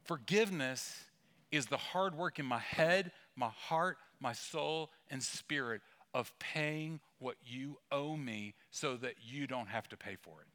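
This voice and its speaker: A male pastor delivering a sermon with a bright, forceful voice. He talks in a conversational way, leaning hard on key words and slipping in humorous asides. His pitch sits in an ordinary middle range for a man. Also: a little slow.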